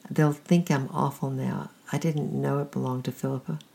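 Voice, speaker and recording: A storyteller reading the lines of a frightened eleven-year-old girl, timid and pleading, in a creaky, husky voice. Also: medium pitch, fairly even intonation, normal speed, warm tone, lightly acted. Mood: miserable.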